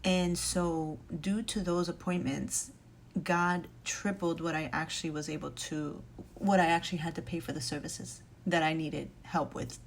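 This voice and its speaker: A woman's voice: low voice, a little hiss or hum. A woman, a single mom, telling an earnest and emotional faith testimony in a casual way, with many restarts.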